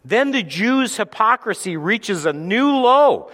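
A male pastor preaching with a high, lively voice that leaps and falls, moving between booming exclamations and hushed storytelling. He speaks slowly and deliberately. The sound carries a long hall reverb from a church sanctuary. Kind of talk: sermon.

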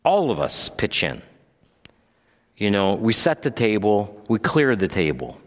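A pastor preaching a sermon, moving between calm storytelling and raised, emphatic points. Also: male voice, on the low side, unhurried. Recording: long hall reverb.

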